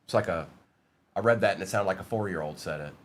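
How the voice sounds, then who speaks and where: A man's voice: low voice, fast. A man hosting a live-streamed trading card break, reading out player names and bantering with the chat in a playful way.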